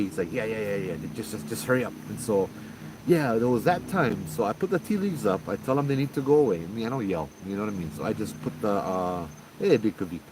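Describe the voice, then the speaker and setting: A man's voice: lowish voice, darkish tone, slight background noise, rough recording. A man casually telling ghost stories in a rambling, conversational way, quoting the people in them as he goes. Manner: rambling, conversational, quotes others in quick asides. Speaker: storyteller host.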